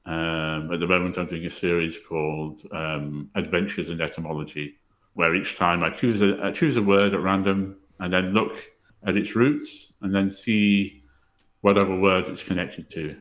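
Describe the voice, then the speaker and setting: Man, low deep voice, easygoing, modest, casual guest. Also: fairly even intonation, moderate pace, a bit bright. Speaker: podcast guest, language website creator. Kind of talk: casual interview conversation.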